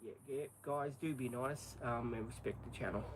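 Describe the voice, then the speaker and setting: A man's voice: mid-range voice, normal speed, background noise. An Australian man hosting a live stream, chatting in an easygoing, rambling way with many ums. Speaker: livestream host. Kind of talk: casual live stream chat.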